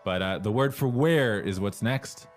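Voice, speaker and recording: A man with a mid-pitched voice co-hosts a language lesson. He talks casually, asks guiding questions, and has soft music behind him. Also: measured pace. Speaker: lesson co-host.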